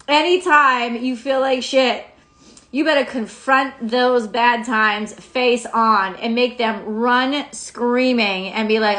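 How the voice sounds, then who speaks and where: A woman with a high voice gives a casual daily tarot reading. She rambles, swears freely and laughs as she goes. The sound is roomy, with a clear echo around her. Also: fairly even intonation, takes it slowly, a bit bright. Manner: rambling, profane, laughs often. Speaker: tarot reader.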